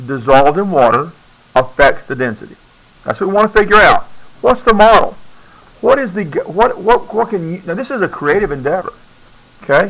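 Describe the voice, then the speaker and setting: A man's voice: a little high, a bit bright, rough recording. A male science teacher lecturing a classroom, keeps checking in with "okay?" and coaxing students to speak up.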